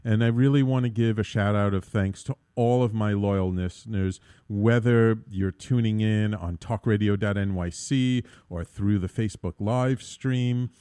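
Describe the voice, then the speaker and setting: A man's voice: lowish voice, fairly even intonation, a little slow, hardly any pauses, mellow, clear, resonant tone, no echo, clean studio sound. A man hosting his own internet radio talk show, rambling with many fillers and restarts.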